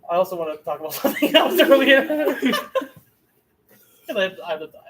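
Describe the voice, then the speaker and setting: A man's voice: high-pitched, very animated, brisk, a bit bright, slight background noise, low-quality recording. A man giving a mock-serious debate speech with impassioned, theatrical outrage.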